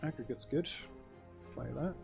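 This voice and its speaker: A man's voice: a little high, normal speed, gravelly. A man hosting a let's play, commenting casually on his moves with wry, self-deprecating asides as he thinks aloud. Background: faint game music.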